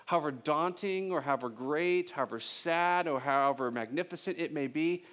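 A man preaching a sermon in a casual, animated storytelling way. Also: fairly high pitch, moderate pace.

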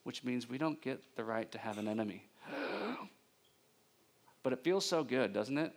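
This male pastor's voice is gravelly and brisk as he gives a sermon in a conversational manner, sometimes joking at his own expense. His pitch and volume climb when he becomes animated.

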